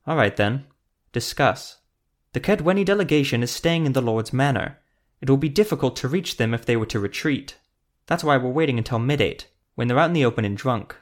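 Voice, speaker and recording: A man's voice: mid-range voice, lively intonation, fairly quick, natural voice. A man voicing a blunt, dismissive scarred female elf commando leader in an audiobook.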